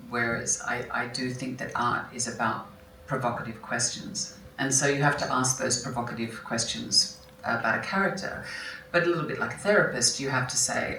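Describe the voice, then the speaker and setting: A woman's voice: extremely low pitch, sharp tone, a little hiss or hum. A woman, an actress, answering interview questions onstage in a reflective way, often restarting and correcting herself mid-sentence. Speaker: film actress, guest at an onstage conversation. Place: large hall at a festival talk. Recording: roomy, distant mic, faint ambience.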